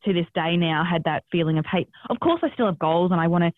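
A woman with an Australian accent, a podcast guest telling a story casually, animated and swearing freely, acting out what people said. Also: fairly low pitch, fast talker, no echo, phone-quality sound.

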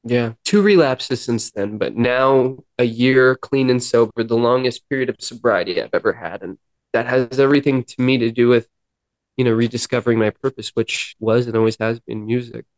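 A man guest on a podcast, earnestly telling a personal story and acting out dialogue, with halting restarts. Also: medium pitch, no echo. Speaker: podcast guest, musician in recovery. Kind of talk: personal storytelling in a sit-down interview.

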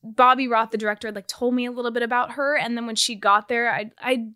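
A woman's voice: on the high side, fairly even intonation, fast, sharp tone, smooth, no room sound, clean studio sound. A young woman guest in a casual interview, chatty and full of "like" fillers. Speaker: guest actor.

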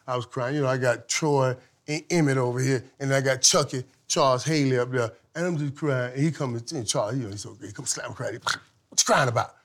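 A man telling stories as a guest, animated and laughing, swinging from loud outbursts to hushed tones. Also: mid-range voice, a little fast. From from Saint Thomas. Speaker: guest, former football player. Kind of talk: casual storytelling.

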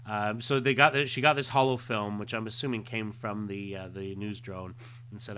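A man's voice: lowish voice, steady tone, normal speed, a bit bright, a little hiss or hum. A man casually recapping a comic book, rambling with lots of fillers. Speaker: podcast host.

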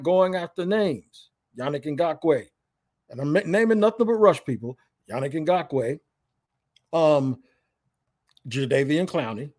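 Upbeat male sports podcaster from Jacksonville, slightly high voice, chatty talk. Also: darkish tone. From Jacksonville, Florida.

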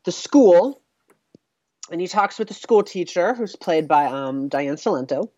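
A woman's voice: on the low side, animated, measured pace, dark tone, no room sound. A woman co-hosting a casual chat, recapping a film with lots of fillers and laughter. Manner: chatty, with many fillers and laughs. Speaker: podcast co-host. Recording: dull, lo-fi sound.

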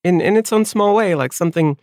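Male player, heartfelt and halting, slightly high voice, dry recording. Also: darkish tone, dry recording. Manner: earnest, halting with fillers. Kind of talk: casual chat.

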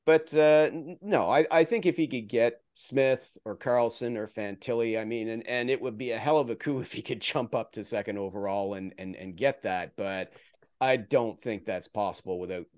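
A man's voice: mid-range voice, normal speed, a little mellow, no echo, clean studio sound. A man talking as a guest analyst in a casual podcast chat, rambling with restarts and jokey asides.

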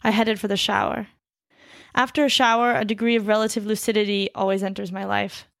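A woman reading a translated story aloud at a steady pace, breaking off now and then to chat casually. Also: medium pitch, a little fast, gravelly, no room sound, studio quality. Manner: reads steadily, then chats loosely with fillers and laughs. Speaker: reader of a story.

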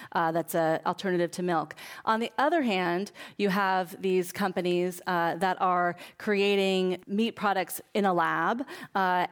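A woman speaking earnestly on a discussion panel. She talks in a thoughtful, measured way and pauses on fillers as she works through her points. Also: fairly low pitch, clear, resonant tone. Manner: parent. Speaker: author guest on a food panel.

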